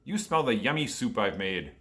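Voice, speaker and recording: A man's voice: lowish voice, big pitch swings, moderate pace, a bit bright, pitched below the performer's own voice. A man voicing the giant's wife, a stern but kindly woman who scolds in a matter-of-fact way. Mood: scolding.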